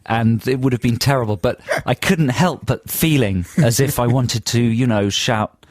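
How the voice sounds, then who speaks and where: A man's voice: medium pitch, moderate pace, no room sound, clean studio sound. A man co-hosting a radio show, telling a long, rambling story in casual banter. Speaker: radio co-host. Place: radio studio. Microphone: studio microphone.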